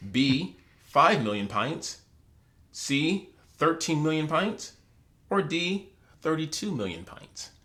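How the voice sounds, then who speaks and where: A man's voice: on the high side, takes it slowly, pauses often. A man hosting a casual trivia game at home, reading questions and answer choices with a playful, jokey delivery. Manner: animated quizmaster with a lively, jokey delivery. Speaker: trivia host. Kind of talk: casual chat.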